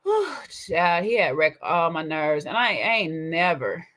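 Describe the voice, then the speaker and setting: A woman hosting a casual, sassy commentary on a reality dating show, with a colloquial, animated delivery. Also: fairly low pitch, slow. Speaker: commentary host.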